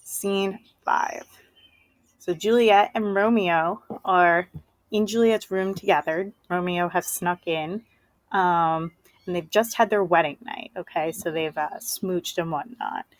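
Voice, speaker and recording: A woman's voice: fairly low pitch, slow, no room sound, poor audio. A woman teacher giving a casual, chatty lesson summary, full of fillers.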